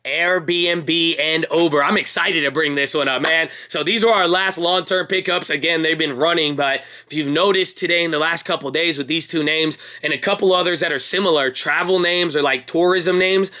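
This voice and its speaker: Pumped-up young guy going over his trade picks, bright forceful voice, a bit high. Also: fairly even intonation, moderate pace, hardly any pauses. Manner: hyped, pep-talk energy, calls viewers baby and bro. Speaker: stock market video host. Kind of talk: casual market recap to viewers.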